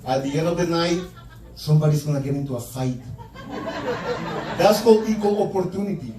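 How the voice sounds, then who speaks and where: A male stand-up comedian with a fairly high voice tears briskly through a crude, profanity-packed set on a comedy club stage while the audience laughs. The recording is echoey, with a distant mic and a noisy background.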